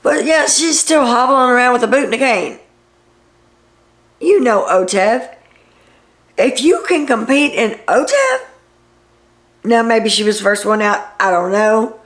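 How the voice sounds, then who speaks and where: A woman's voice: on the high side, very animated, unhurried, pauses often. A woman hosting a reality TV recap, retelling events in a casual, gossipy way with sarcastic asides.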